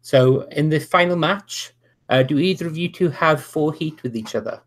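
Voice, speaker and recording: A man running a tabletop wrestling game as game master, narrating with many restarts and fillers over an online call. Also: on the high side. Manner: halting, full of restarts and "uh". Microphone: online video call.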